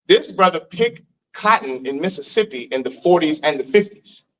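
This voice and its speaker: A man lectures a live class in a high-pitched voice, animated and often stopping to put questions to the room. He sounds far from the mic, as if recorded from across a classroom. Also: moderate pace.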